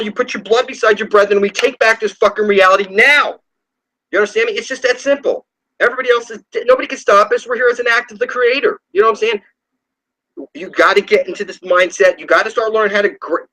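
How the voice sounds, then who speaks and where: A man's voice: high voice, fairly bright tone, poor audio. A man at home delivering a rambling, profane spiritual rant, scornful and preachy, often trailing off and restarting his sentences. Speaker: online video ranter.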